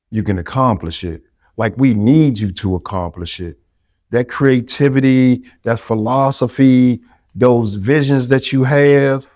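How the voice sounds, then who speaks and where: A man's voice: medium pitch, a little mellow, dry recording, studio quality. A middle-aged man, giving earnest, encouraging answers as a podcast guest.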